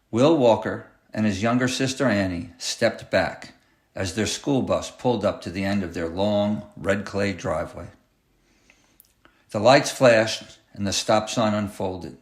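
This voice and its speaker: A man reading his own short story aloud in a measured, dramatic audiobook narration. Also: on the low side. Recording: roomy echoey room.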